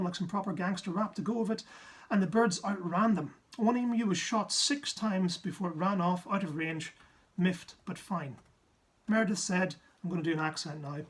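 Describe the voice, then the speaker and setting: Husky man from Ireland, comic science talk, quick asides, big pitch jumps. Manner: jokey, with sudden asides and pitch jumps for effect. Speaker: science comedian.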